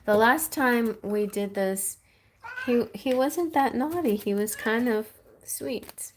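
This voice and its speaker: A woman's voice: a little high, takes it slowly, slight background noise. A woman giving tarot readings on a live stream, reading messages aloud in a playful, giggly way. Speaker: tarot reader.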